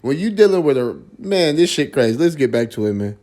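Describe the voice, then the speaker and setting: A man's voice: medium pitch, very animated, brisk, dark tone. A man making a loose, profane, casual aside.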